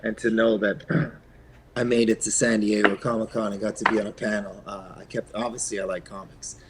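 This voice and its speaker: A man from Quebec, a guest actor, chatting in an interview in a soft-spoken way that often trails off, with plenty of ums and uhs. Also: on the low side, little pitch movement, normal speed, heavy background noise. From Eastern Canada, Quebec. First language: French. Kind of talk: casual interview chat.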